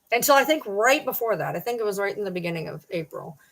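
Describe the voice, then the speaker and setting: This middle-aged vlogger is animated and fast, barely pausing, with a medium-pitched voice. She addresses viewers casually but rants at them with indignation, sarcasm and challenge.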